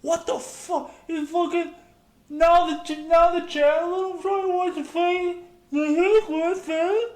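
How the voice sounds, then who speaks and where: A man putting on a whiny couch potato who complains to customer support in a strained high voice. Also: animated, slow pace, gravelly, fairly bright tone, heavily acted. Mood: indignant.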